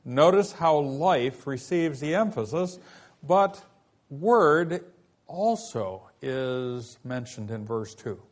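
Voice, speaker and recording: A man teaching a Bible study lesson, explaining a passage slowly and asking rhetorical questions as he goes. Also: mid-range voice, animated.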